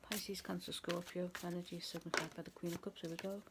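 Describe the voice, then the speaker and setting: A woman with a fairly low, flatly delivered voice talks fast over background noise. She's a tarot reader doing a casual reading to camera, chatty and rambling, and she laughs at herself.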